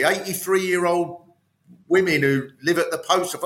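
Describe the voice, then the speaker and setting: A middle-aged comedian guest in improvised comedy chat, sardonic and slipping into mocking put-on voices. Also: male voice, fairly high pitch, normal speed, fairly bright tone.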